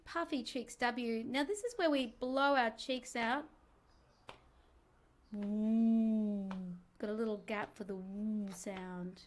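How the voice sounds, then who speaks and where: A singing teacher leading a relaxed vocal warm-up lesson, chatty and encouraging with self-mocking asides. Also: female voice, on the high side, unhurried, few pauses, slight background noise.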